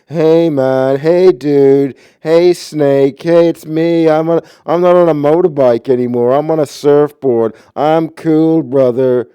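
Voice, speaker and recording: A man's voice: a little high, takes it slowly, hardly any pauses, warm tone, smooth, dry recording, pitched above the performer's own voice. A man doing a mocking drawling hippie surfer impression. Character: laid-back aging male hippie surfer, mocking impression.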